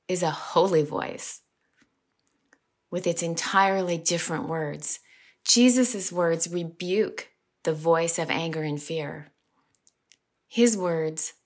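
A middle-aged American woman reading the gospel and preaching a short sermon in a slow, measured, gentle way. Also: on the low side. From United States.

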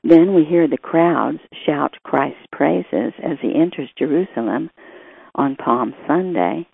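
A priest reading the gospel and giving a measured, reflective homily that quotes scripture and scholars. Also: male voice, a little high, vocal fry, breathy edge, dry recording. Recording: tinny phone-like sound, dry.

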